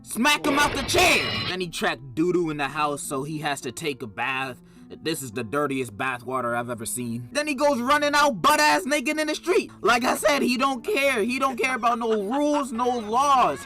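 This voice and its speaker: Sarcastic comedic commentator, bright tense voice, faint music behind. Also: medium pitch. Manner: sarcastic, with sudden loud outbursts. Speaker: video commentator.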